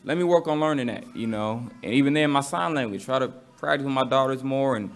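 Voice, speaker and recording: A man's voice: medium pitch, fast talker. A man with a casual, slangy manner, teaching a Bible study to a congregation and asking the room questions.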